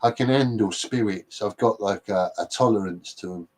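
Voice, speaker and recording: A man's voice: lowish voice, moderate pace, darkish tone, slight background noise. A man with an English accent, hosting a livestream and chatting casually with viewers in a rambling, self-deprecating way. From England. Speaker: livestream host.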